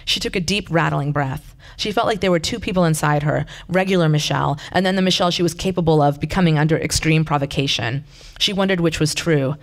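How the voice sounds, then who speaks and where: A reader narrating a short story aloud in a plain, conversational manner. The voice sits at a middling pitch and moves along steadily, now and then stepping out of the text for a casual aside. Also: fast. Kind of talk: reading fiction aloud.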